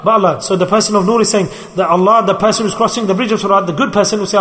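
A man's voice: high-pitched, racing, hardly any pauses, fairly bright tone. A man preaching a sermon in an emphatic, repetitive way. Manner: emphatic, repetitive, acts out pleading voices. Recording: hall reverb.

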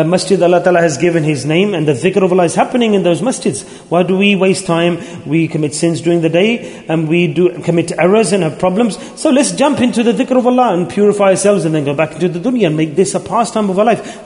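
High-voiced man preaching in an echoing mosque. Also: fast, few pauses, a little mellow. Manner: earnest, pleading, repetitive exhortation. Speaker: Sufi religious teacher leading dhikr gatherings. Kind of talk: sermon. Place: mosque gathering. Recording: roomy hall with long echo.

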